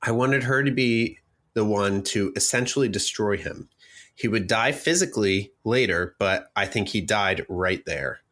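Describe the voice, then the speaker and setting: A man's voice: on the low side, measured pace, a bit bright. A man co-hosting a podcast, talking casually with many fillers and restarts. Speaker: podcast co-host.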